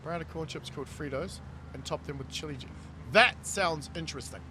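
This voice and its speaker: Pushed and bright, a New Zealand gaming streamer's fairly high voice moves briskly as he reads chat aloud and plays off it, laughing a lot. A slight hiss or hum sits under the audio.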